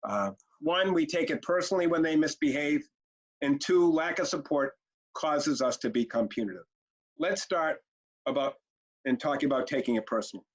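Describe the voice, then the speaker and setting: A man's voice: on the high side, moderate pace. A man presenting a parenting training webinar, talking directly and bluntly to his audience and now and then acting out parent and child exchanges. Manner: direct, punchy, acts out parent and kid exchanges. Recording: muffled lo-fi webinar audio.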